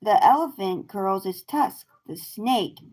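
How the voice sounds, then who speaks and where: A woman reads a children's picture book aloud during a livestream. Her pitch sits in the middle range, and she takes each phrase slowly and clearly. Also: lively intonation, a little mellow. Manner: slow, clear read-aloud with animal sounds. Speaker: host reading picture books to children.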